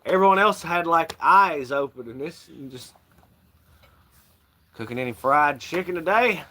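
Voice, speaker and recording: A man's voice: on the high side, animated, measured pace, bright, forceful tone. A man hosting a casual livestream, rambling and swearing freely and laughing often. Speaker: livestream host.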